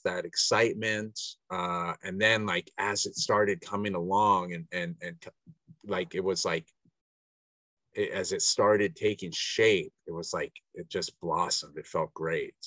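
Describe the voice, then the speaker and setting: A man's voice: low voice, a bit bright, no echo. A middle-aged man in a coaching session, talking in a rambling, self-searching way with many restarts. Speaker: coaching client. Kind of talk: casual reflective conversation. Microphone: video call.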